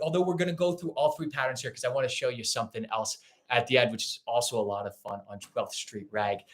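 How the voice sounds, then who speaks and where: A man teaching a ukulele lesson, patiently counting beats and calling out strum directions. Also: lowish voice. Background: ukulele playing.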